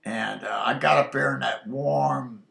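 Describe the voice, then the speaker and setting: A man telling a personal story in a halting, earnest way, pausing often on fillers. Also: medium pitch, steady tone, creaky, fairly bright tone. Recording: roomy echoey recording.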